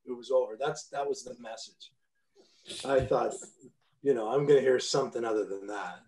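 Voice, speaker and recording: A man's voice: mid-range voice, normal speed, darkish tone, echoey room. A man in his fifties, a former pro hockey player guesting on a podcast, telling stories in a blunt, profane way with many restarts. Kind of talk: casual storytelling interview.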